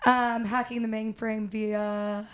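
A woman's voice: fairly high pitch, flat delivery, slow pace. A woman chatting as a podcast guest, hesitant at times and blunt. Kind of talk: casual chat.

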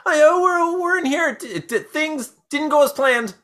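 A player imitating a panicky young male thug in a high, stammering voice to fool the people outside. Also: lively intonation, unhurried, a bit bright. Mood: flustered.

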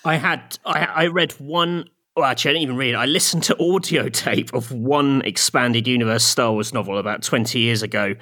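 A man in easygoing conversation with friends, his voice bright and forward. He rambles through half-remembered stories, often breaking into laughter at himself. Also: medium pitch, a little fast, hardly any pauses. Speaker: podcast co-host. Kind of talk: casual chat.

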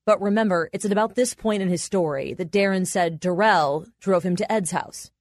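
Female host narrator, scripted and even, dry studio sound. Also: mid-range voice, normal speed, dry recording.

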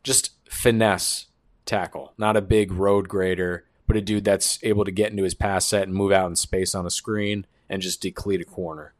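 A man giving casual, opinionated sports talk, riffing quickly with joking asides. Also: deep voice, little pitch movement, no room sound, clean studio sound. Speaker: sports commentator.

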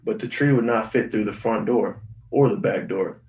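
A low-pitched man reads a children's storybook aloud. He is expressive and lifts the characters' lines. His voice sounds roomy and a little distant, with faint music playing behind him. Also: normal speed, creaky, muffled recording. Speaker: guest reader.

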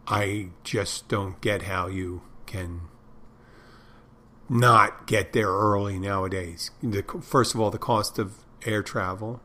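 A middle-aged podcast host rambles through stories and crude jokes in a casual monologue, a meandering storyteller at heart. His voice is lowish and steady, his pace slow, and his tone sharp.

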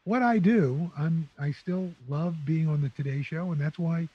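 An older man from New City, a guest telling lively anecdotes in an interview. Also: fairly high pitch, moderate pace, husky, muffled recording. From New York City. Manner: animated anecdotes with playful character voices. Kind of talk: storytelling interview.

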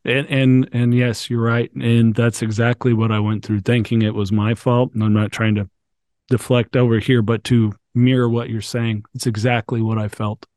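A man's voice: mid-range voice, level tone, moderate pace, a little mellow, no echo, clean studio sound. A man hosting a podcast, speaking in a reflective and candid way.

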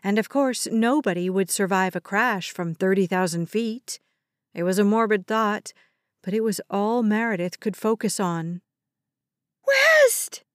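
A woman narrating a dramatic audiobook in a measured storytelling manner. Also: mid-range voice, no echo, clean studio sound. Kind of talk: scripted narration.

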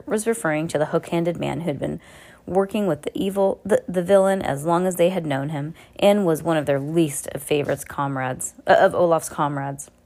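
A woman's voice: low voice, darkish tone. A woman reading a novel aloud in an unpolished way, often stopping to correct herself. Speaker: reader.

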